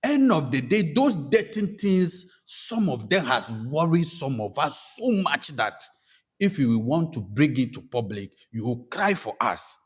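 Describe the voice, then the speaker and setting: A spiritual practitioner recounts his personal story in Ghanaian-accented English, his medium-pitched voice husky and his pace a little slow. He's an animated storyteller who acts out other people's lines.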